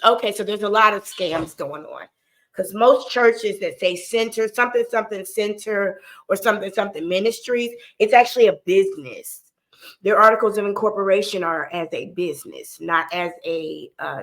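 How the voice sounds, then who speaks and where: A woman hosting a casual live reaction show, animated and often breaking into laughter as she talks to viewers. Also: mid-range voice, low-quality recording. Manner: talks straight to her viewers and co-hosts by name. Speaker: live commentary host.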